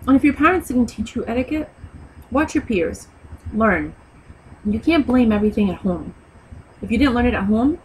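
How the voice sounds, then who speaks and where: A woman's voice: on the high side, darkish tone, a little hiss or hum, low-quality recording. A woman giving etiquette advice in a casual vlog, talking in a blunt, sassy, lecturing way. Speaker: vlogger.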